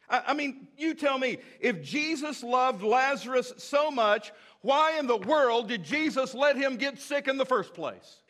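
Emphatic high-voiced preacher. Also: male voice. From United States. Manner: emphatic preaching with big swings from loud to hushed; repeats key phrases for emphasis. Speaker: pastor. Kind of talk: sermon.

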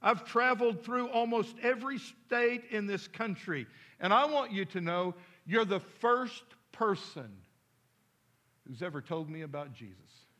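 A man's voice: high voice, expressive, unhurried, bright, forceful tone, exaggerated voice. A preacher voicing an old, down-on-his-luck drunk man with white whiskers, speaking in a raised, pleading voice. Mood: grateful.

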